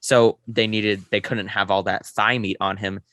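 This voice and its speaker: A young man co-hosting a podcast, chatting excitedly about a film in a rambling way with lots of fillers. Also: lowish voice, normal speed, no echo, studio quality. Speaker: podcast co-host. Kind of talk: casual film review chat.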